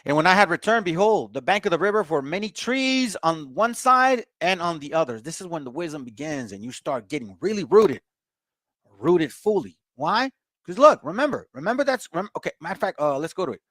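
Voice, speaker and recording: A laid-back man leading a casual Bible study, reading verses aloud and then unpacking them in plain talk for his listeners, whom he calls family. His voice sits a little high. The sound is close and dry. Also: big pitch swings, brisk, fairly bright tone, dry recording. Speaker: Bible teacher.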